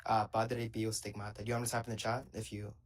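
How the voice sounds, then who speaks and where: A man's voice: lowish voice, flat delivery, fast, background noise. A young man calling into a live debate, talking casually and hesitantly with lots of fillers. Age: young adult. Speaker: caller.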